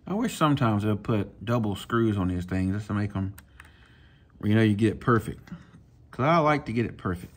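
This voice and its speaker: Guy fixing a fishing reel, kinda low voice, chatty and folksy. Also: normal speed. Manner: relaxed, talks to himself while working, folksy. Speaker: fishing channel host. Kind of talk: casual hands-on tutorial.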